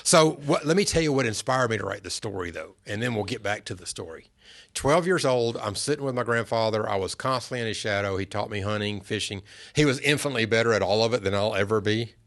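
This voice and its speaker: A middle-aged man, a podcast guest, telling family stories in an earnest, unhurried way. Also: fairly low pitch, lively intonation, fairly bright tone. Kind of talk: casual storytelling interview.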